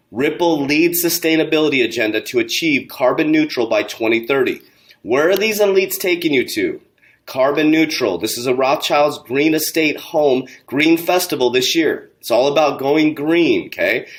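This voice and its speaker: A man hosting a crypto channel, giving heated motivational commentary, preachy and indignant, calling his listeners warriors. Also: medium pitch. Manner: gets loud and indignant, rising to near shouting. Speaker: crypto channel host and coach.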